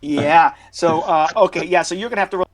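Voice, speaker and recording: A man narrating as game master of a tabletop game, halting and full of fillers. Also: a little high, low-quality recording.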